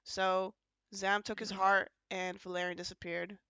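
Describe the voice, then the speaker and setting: Bright, crisp podcast host rambling through a recap. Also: medium pitch, level tone, measured pace, dry recording, lo-fi sound. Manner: rambling, filler-heavy storytelling that jumps between points; acts out quoted lines in shifting voices. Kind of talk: casual podcast recap of a roleplay event.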